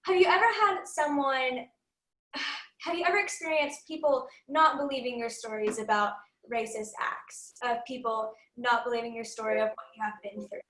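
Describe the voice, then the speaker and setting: A woman's voice: a little high, steady tone, moderate pace, fairly bright tone, echoey room. A young woman moderating an online panel, polite and full of ums.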